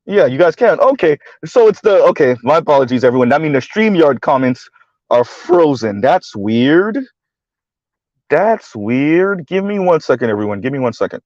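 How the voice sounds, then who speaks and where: A man's voice: fairly high pitch, sing-song, moderate pace, darkish tone, no echo, lo-fi sound. A man hosting a live stream, ranting and mocking as he comments, often swearing and laughing.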